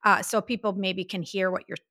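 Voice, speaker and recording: Woman in her fifties, podcast co-host, gravelly and bright, chatty storyteller, dry studio sound. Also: medium pitch, fairly quick, no echo. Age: 50s. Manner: chatty storyteller, quotes herself in lively voices. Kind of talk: casual chat.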